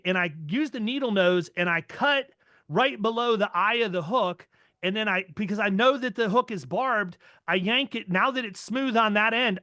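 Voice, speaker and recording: A man hosting a podcast, telling a story in a casual, animated way with quick bursts of speech. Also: sits high, dry recording, clean studio sound. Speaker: podcast host.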